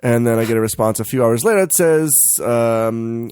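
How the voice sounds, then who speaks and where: A man co-hosting a podcast, telling a story in casual chat, animated and profane, quoting the people in it. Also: medium pitch, moderate pace, hardly any pauses, clear, resonant tone, no room sound. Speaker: podcast co-host.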